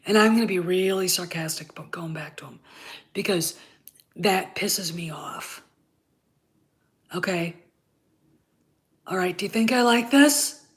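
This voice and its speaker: A woman's voice: on the low side, measured pace, pauses often. A woman hosting her own channel, giving blunt, profane, heated opinion commentary with a congested voice while getting over covid. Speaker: channel host.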